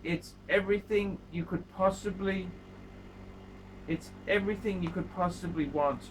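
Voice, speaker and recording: A man's voice: high-pitched, moderate pace, a little hiss or hum, rough recording. A man hosting his own video channel, giving a blunt, scolding watch review and repeating himself for emphasis. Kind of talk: casual video review monologue.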